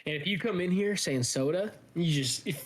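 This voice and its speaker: A man's voice: sits high, a little fast. A man from the American Midwest co-hosting a podcast, telling rambling stories in casual banter and swearing freely. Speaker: podcast co-host.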